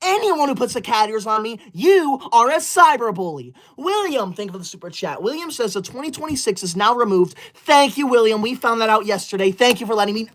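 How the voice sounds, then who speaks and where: A man's voice: extremely high pitch, lively intonation, a little fast, hardly any pauses, fairly bright tone. A man playing a prissy teacher's-pet streamer boy. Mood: indignant. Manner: indignant, scolding, melodramatic outbursts. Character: self-righteous teacher's-pet boy livestreamer, touchy. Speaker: livestreamer. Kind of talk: comedic character skit.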